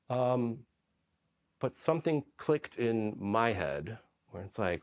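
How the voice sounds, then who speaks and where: A man's voice: fairly low pitch, big pitch swings, takes it slowly. A man from Poland, a Special Forces medic, telling stories casually in an interview, rambling with lots of "like" and "right?".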